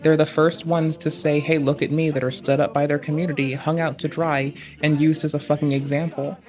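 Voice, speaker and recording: A man's voice: on the high side, flat delivery, brisk, a little mellow, faint music behind. Rambling, foul-mouthed male streamer. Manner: rambling, digressive, heavy slang and swearing. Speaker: streamer reacting to a debate. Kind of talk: casual profane stream commentary.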